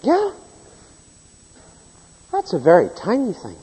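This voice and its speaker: A man preaching a sermon, telling anecdotes and acting out the people in them, swinging from hushed to loud. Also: high voice, huge pitch swings, slow, slightly rough. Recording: echoey hall with long reverb.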